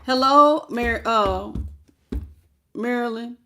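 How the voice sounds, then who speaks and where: A woman's voice: a little high, takes it slowly, bright, forceful tone, a little hiss or hum. A woman giving a casual tarot reading, talking bluntly and colloquially and chatting with her viewers. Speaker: tarot reader.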